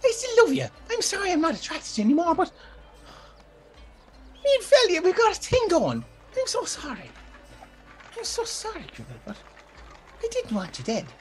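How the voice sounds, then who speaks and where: A game master voicing a desperate woman who sold poison, talking in a high, pleading voice that drops to a low hiss when she threatens someone. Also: huge pitch swings, normal speed, pauses often, soft background music, full character voice. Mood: tearful pleading. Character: frantic woman poison seller, later menacing.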